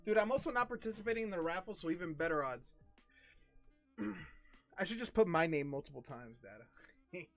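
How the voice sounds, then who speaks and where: A man hosting a card-opening livestream, chatting loosely and excitedly and swearing often. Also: high-pitched, a little fast, long pauses, soft background music. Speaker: card-breaking livestream host. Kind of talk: casual stream chat.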